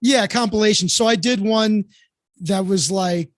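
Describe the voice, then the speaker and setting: A man's voice: high-pitched, unhurried, no echo. A man from Florida, a comedian guest, telling a story in a loose, casual way, full of fillers and restarts.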